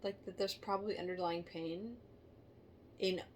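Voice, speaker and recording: A woman giving a casual tarot reading to camera, halting and emotional, sighing and musing aloud. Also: on the low side, steady tone, slight background noise. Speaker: tarot reader.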